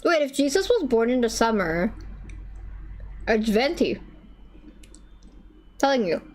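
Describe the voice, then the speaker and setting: A woman's voice: fairly high pitch, sing-song, fairly quick. A woman streamer chatting casually with her viewers, giggly and swearing freely. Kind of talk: casual livestream chat.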